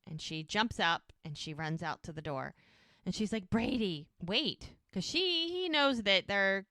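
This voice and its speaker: Smooth-voiced woman recapping a show. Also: medium pitch, normal speed, no echo, clean studio sound. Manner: retells scenes with quoted lines, animated. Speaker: podcast co-host. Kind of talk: casual recap chat.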